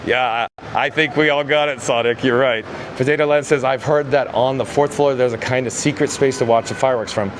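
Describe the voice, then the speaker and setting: A man's voice: medium pitch, steady tone, fairly quick. A man hosting a live-stream tour of hotel hallways, chatting and reading viewer comments aloud. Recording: noisy handheld phone recording.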